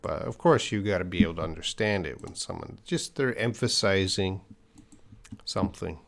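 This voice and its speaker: A man answering viewers' English questions in a live-stream lesson. He explains patiently, with pauses and restarts. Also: sits low, vocal fry. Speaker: English teacher.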